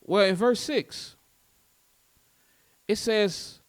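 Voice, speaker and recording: A man preaching a sermon, swinging between loud, emphatic lines and low, soft ones. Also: animated, measured pace, pauses often. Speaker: teacher.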